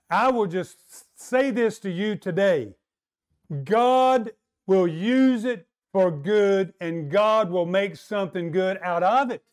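A man delivering a sermon in a somewhat high voice. He builds up to a higher, louder pitch when stressing a point and draws out his key lines slowly. He acts out what people might say and keeps asking his listeners for replies. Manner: acts out quoted voices and asks the crowd for replies. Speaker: pastor.

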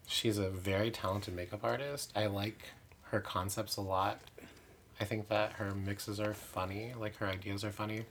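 A man's voice: on the low side, little pitch movement, normal speed, fairly bright tone, slight background noise. A man who performs in drag, chatting candidly in an interview with many "like" fillers and self-mocking asides. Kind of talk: casual interview chat.

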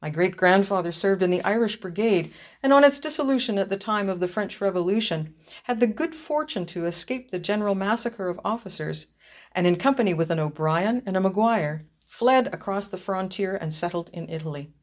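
A woman's voice: medium pitch, lively intonation, brisk, lightly acted. A woman reading the lines of a solemn, dignified count in a ghost story. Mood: proud. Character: solemn Italian count of Irish descent, man.

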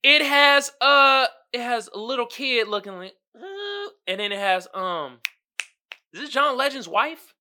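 A man's voice: very high-pitched, animated, unhurried, bright, forceful tone, clean tone. A man hosting a podcast in casual comedic chat, laid-back and slangy, laughing often and calling his listeners y'all. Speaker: podcast host.

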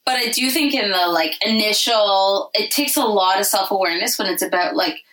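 A mother speaking candidly in casual chat, animated and quick to swear. Her voice is bright and forward, picked up a little away from the microphone. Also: medium pitch, recorded from a distance, rough recording.

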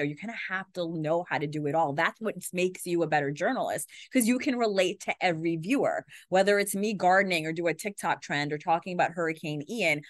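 A woman in her forties, a TV news anchor, talking fast and animatedly in a conversational interview and acting out quotes. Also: fairly low pitch, dry recording, studio quality. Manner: fast, animated talker who acts out quotes.

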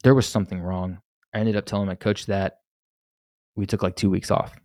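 His story comes out candid, swear-heavy, and full of restarts as this young man hosts his solo podcast. The voice is low and a little mellow with little pitch movement and a brisk pace, recorded cleanly in a studio without echo.

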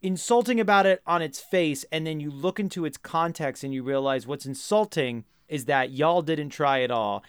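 A man co-hosting a comedy podcast, riffing in animated, mock-outraged rants. His voice is fairly high and smooth. It is recorded close and dry. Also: normal speed, few pauses, no room sound. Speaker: podcast co-host. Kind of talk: casual comedic chat.

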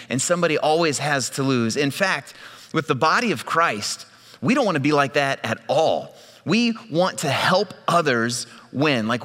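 Lively male preacher with a bright voice, storytelling sermon, reverb of a large hall. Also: fairly high pitch. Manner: lively storyteller, laughs often. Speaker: pastor. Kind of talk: sermon opening with a personal story.

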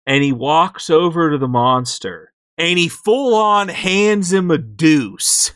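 A young man on a podcast, telling a game story in an animated way and jumping into character voices, in a dry close recording. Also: a little high, slow pace, clean tone, no room sound. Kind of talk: casual game recap chat.

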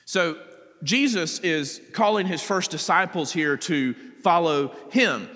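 Man, pastor, sermon, reads scripture then explains, bright tone, slightly high voice, church hall reverb. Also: slow. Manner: expository preaching, reading scripture then explaining. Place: church sanctuary.

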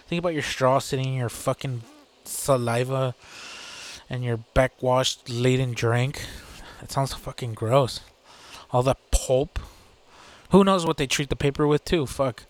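A man talks alone on his own show, swearing freely as he rants with a sarcastic edge. His voice sits in a middling pitch, and his delivery is loose and off the cuff, full of fillers and quick asides. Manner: profane, sarcastic ranting with laughs and filler. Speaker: podcast host. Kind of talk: casual solo rant.

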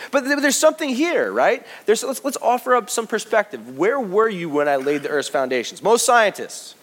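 A man's voice: high-pitched, slight background noise. Upbeat joking male preacher. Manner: lively and joking, talks straight to the congregation. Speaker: pastor. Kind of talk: sermon. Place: church service before a congregation.

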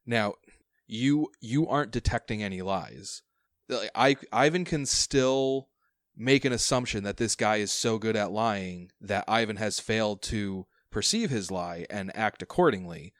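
A man with a lowish voice runs a tabletop game, working through the rules in a measured way. The recording is dry and close. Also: no room sound. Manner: measured, explaining rules with restarts. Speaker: game master.

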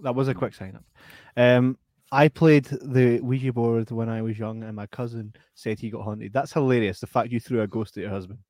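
A man's voice: mid-range voice, steady tone, normal speed, a little mellow, no room sound, studio quality. Sweary Scottish man co-hosting a podcast. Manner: sweary, jokey, reads viewer comments aloud. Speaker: podcast co-host. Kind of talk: casual late-night podcast chat.

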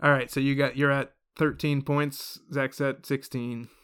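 A man running a casual quiz among friends on a podcast, playful and quick to laugh. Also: mid-range voice, little pitch movement, fairly bright tone, clean tone. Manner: playful, laughs between questions. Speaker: quiz host.

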